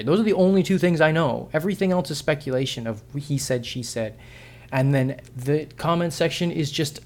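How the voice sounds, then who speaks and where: Frustrated and sarcastic, this man rambles through an off-the-cuff opinion vlog, frequently starting over and correcting himself. His pitch is on the high side.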